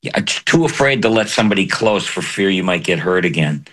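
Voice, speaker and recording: Soft-spoken, halting man with a lowish voice. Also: animated. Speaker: voice actor, guest. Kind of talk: candid interview talk.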